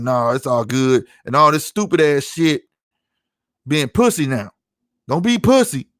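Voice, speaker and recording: In this solo livestream, the podcast's middle-aged host rants to his live chat with heat, profanity, and emphasis. He speaks in an expressive, unhurried, slightly bright mid-range voice, recorded dry at studio quality.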